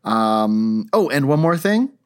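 A man's voice: medium pitch, sing-song, slow, clean tone. A man co-hosting a podcast, telling stories in a casual chat with frequent laughs and fillers. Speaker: podcast co-host.

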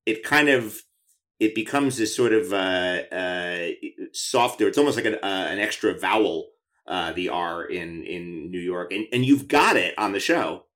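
A man's voice: sits low, lively intonation, measured pace, fairly bright tone. A man hosting an interview podcast, chatty and enthusiastic, with many restarts as he asks questions. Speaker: podcast host. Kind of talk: conversational interview.

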